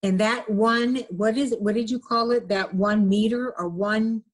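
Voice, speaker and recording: A woman speaking earnestly and gently, relaying messages in a casual conversation. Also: on the high side, fairly even intonation, moderate pace. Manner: earnest, gentle, relays words with many "he says". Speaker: medium.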